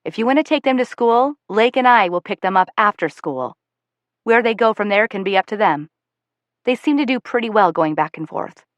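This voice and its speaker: A woman reading an audiobook, voicing an earnest young male teacher who speaks quietly and apologetically. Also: medium pitch, lively intonation, normal speed, no room sound, natural voice. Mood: calm. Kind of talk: audiobook character voice.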